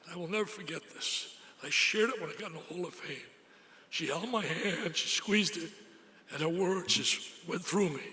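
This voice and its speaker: Emphatic older man with a high, bright voice. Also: normal speed. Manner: emphatic, exclamatory. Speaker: after-dinner speaker. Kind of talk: motivational speech. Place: banquet hall. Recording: echoey hall.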